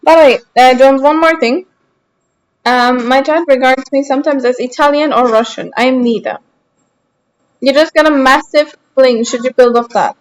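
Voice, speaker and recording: A woman's voice: high voice, moderate pace, no echo, low-quality recording. A young woman streaming a game, chatting casually with her viewers in a teasing, mock-indignant way.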